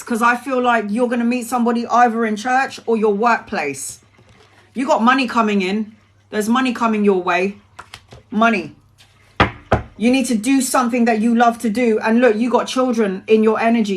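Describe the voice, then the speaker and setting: A woman giving live tarot readings to viewers, chatty and emotional, calling people by name and laughing easily. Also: medium pitch. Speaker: tarot reader.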